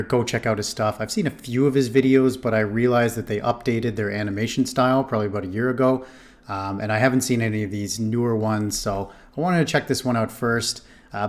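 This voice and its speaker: A man casually commenting on a history video, rambling and correcting himself with many fillers. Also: medium pitch. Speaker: reaction video host.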